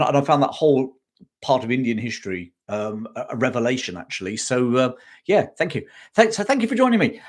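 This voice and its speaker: A man hosting a live history chat stream, reading out viewer comments in a chatty way, with many ums and restarts. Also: a little high.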